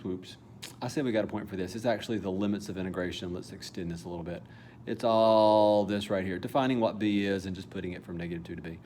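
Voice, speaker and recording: A man with a fairly low voice walks students through a calculus exam question. He talks casually and thinks aloud, fixing his own small slips as he goes. A faint noise sits under the recording. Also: darkish tone. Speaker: math teacher. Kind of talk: calculus lesson walkthrough.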